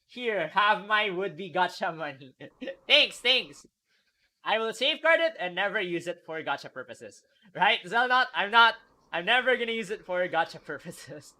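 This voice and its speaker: A man live-streaming a video game, chatting casually with viewers, excitable and quick to laugh. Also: sits high.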